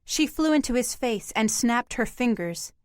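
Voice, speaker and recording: A woman narrating an audiobook with measured, even storytelling. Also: on the high side, dry recording, clean studio sound.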